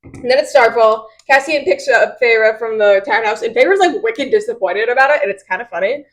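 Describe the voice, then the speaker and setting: A woman's voice: on the high side, lively intonation, a little fast. A young woman co-hosting a casual book podcast, recapping chapters in a loose, chatty way full of "like" and acted-out quotes. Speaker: podcast co-host. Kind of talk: casual book discussion chat.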